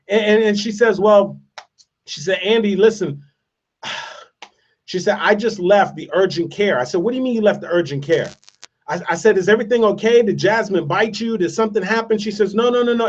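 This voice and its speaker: A man giving a motivational speech, telling a story with emphatic repetition. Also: high voice. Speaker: motivational speaker. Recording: distant, dull lo-fi sound.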